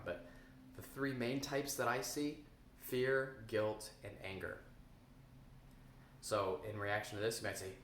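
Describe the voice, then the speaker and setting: Male eating coach, lowish voice, earnest teaching tone, repeats key points, roomy echo. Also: a bit bright, slight background noise. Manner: earnest, repeats key phrases, slows down for emphasis. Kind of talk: instructional talk to camera.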